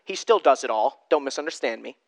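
A man preaching a teaching sermon, talking straight to his listeners, moving from loud stressed words to hushed asides. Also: medium pitch, expressive, fairly quick, creaky. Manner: conversational, addresses listeners directly. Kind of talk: sermon teaching from note sheet.

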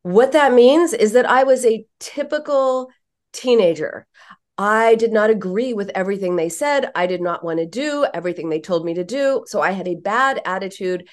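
Woman therapist on a podcast, animated and blunt, tells it straight. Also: on the high side, moderate pace. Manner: animated, emphatic, frank. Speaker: psychotherapist. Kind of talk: storytelling in a podcast interview.

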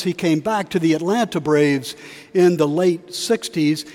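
A man preaches in a cathedral, his slightly high voice carrying a long echo through the stone space. He tells stories with shifting emphasis and briefly acts out the quotes. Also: darkish tone. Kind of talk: sermon. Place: large cathedral.

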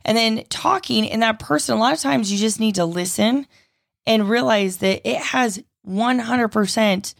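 A woman's voice: fairly high pitch, moderate pace, gravelly, no room sound, studio quality. Chatty woman podcast co-host. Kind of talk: casual podcast conversation.

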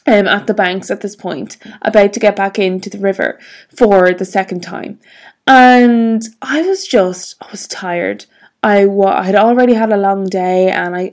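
A woman vlogger speaks frankly and reflectively, with a fairly high voice and a gravelly edge. She tells her own story candidly and swears freely. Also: a little mellow.

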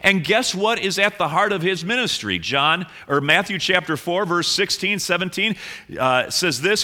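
A man's voice: high voice, animated, moderate pace, bright, forceful tone. A male pastor preaching a conversational sermon, playfully teasing the congregation and often repeating words as he goes.

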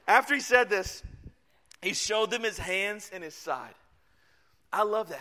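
A male pastor delivers a sermon with a high, bright, cutting voice. He tells the story in an animated way and bursts into shouts at the big moments. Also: a little slow, long pauses.

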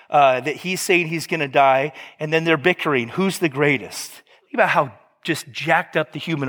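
A man's voice: on the high side, a bit bright, big-room sound. A male pastor preaching a sermon in a conversational way, with joking asides and frequent self-corrections.

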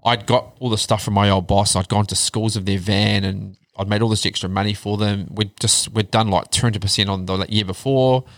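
Thirties New man, low-pitched and candid, swears casually, dry close mic. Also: steady tone, a little fast, few pauses, fairly bright tone, no echo. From New Zealand. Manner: candid storytelling, swears freely, drops to a low murmur on hard parts. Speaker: guest. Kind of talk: casual chat.

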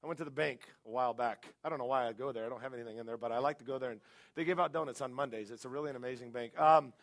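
A middle-aged man, a guest pastor, preaching a sermon in a church with animated, humorous storytelling. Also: mid-range voice, rapid-fire. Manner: animated storytelling with humor, rising to loud emphasis. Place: church sanctuary.

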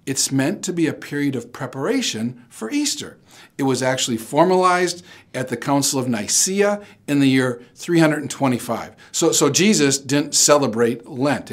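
A man's voice: mid-range voice, husky. A middle-aged male pastor giving a conversational sermon. He tells stories, puts direct questions to his listeners and often repeats words as he starts a phrase.

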